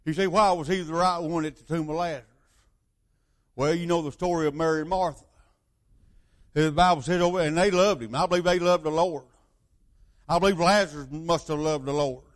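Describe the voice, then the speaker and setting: A man's voice: a little high, steady tone, brisk, pauses often. An older man preaching a sermon, rambling through stories and asking his listeners rhetorical questions.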